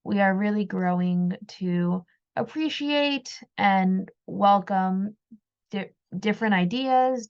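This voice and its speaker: A woman giving reflective opinion commentary, measured and thoughtful, sometimes repeating words as she thinks. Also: medium pitch, gravelly, darkish tone, dull audio. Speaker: commentary video host.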